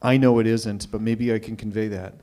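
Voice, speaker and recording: Low, flat-voiced male host. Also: a little fast. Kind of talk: introducing performers at an open mic.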